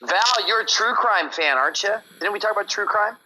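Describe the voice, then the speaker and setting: A man chatting and teasing friends on a group live stream, quick and excitable. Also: sits high, slight background noise, poor audio. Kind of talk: casual chat on a group stream.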